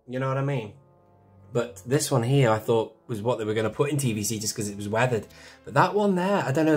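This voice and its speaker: A man with a mid-range, breathy-edged voice hosts his own toy collector channel, walking through a hands-on toy tutorial in a chatty, rambling way that keeps correcting itself.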